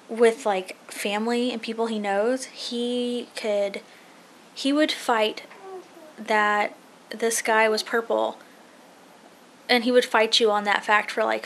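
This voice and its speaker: A young woman chatting casually to a handheld camera at home, telling an animated story for her family vlog. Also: fairly high pitch, slight background noise. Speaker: family vlogger. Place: house being painted, indoors.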